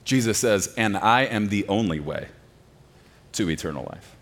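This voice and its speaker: A male pastor delivering a sermon, swinging from quiet, low passages to loud, emphatic ones. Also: lively intonation, moderate pace. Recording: long reverb of a large hall.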